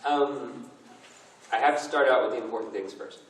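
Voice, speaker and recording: A man's voice: mid-range voice, normal speed. A man in his thirties, a voice actor answering fan questions at a convention panel, self-deprecating and joking. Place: large convention hall. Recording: echoey hall from far off, noisy.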